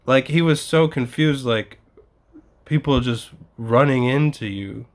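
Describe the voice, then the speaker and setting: A man's voice: mid-range voice, measured pace. Exasperated man ranting, swearing freely. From United States. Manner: profane, exasperated storytelling. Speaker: vlogger. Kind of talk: casual ranting vlog.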